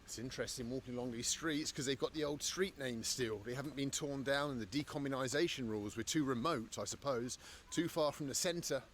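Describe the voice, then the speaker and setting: A man's voice: mid-range voice, brisk, few pauses, fairly bright tone. Man narrating a travel vlog on noisy streets. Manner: chatty, wry. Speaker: travel vlogger. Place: streets and bus station outdoors.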